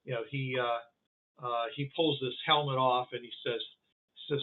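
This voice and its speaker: A man's voice: mid-range voice, steady tone, measured pace. A man narrating a tabletop game as game master, rambling with lots of fillers and restarts. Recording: thin phone-like line.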